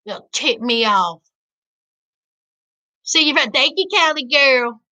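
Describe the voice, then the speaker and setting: Animated high-voiced woman, livestream host. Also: slow pace. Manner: animated, preachy, Southern slang, addresses chat as y'all. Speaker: reality TV recap host. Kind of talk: live-stream commentary.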